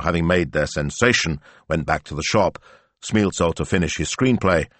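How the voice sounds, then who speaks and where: Man, audiobook narration, deep voice, lively intonation, measured telling. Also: no echo. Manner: measured storytelling. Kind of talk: scripted narration.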